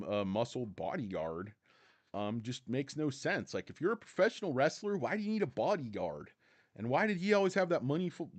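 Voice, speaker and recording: A man's voice: medium pitch, no room sound. A man hosting a casual stock livestream, rambling, sarcastic and crude, dropping to mutters and jumping to outbursts. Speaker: stock streamer host.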